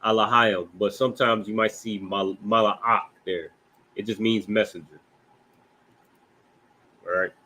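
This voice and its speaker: A man with an American accent teaching a scripture language class in a loose, conversational way, often checking in with "right?" and slowing down to sound out words. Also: fairly low pitch, pushed and bright, rough recording. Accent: American English. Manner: loose, conversational, with frequent "right?" and "you know what I mean?"; slows down to pronounce words carefully.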